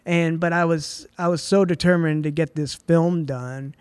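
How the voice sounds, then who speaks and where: Young guy w a kinda high voice, super casual and chatty, lots of like and dude. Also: unhurried, smooth, no echo. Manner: relaxed and chatty, full of "like" and "dude". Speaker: film writer and director, podcast guest. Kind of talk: casual storytelling in a podcast interview.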